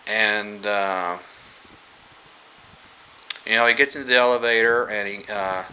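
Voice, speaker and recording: A man casually retelling a movie plot as a reviewer, halting and full of fillers and restarts. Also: on the low side, fairly even intonation, sharp tone, a little hiss or hum, low-quality recording.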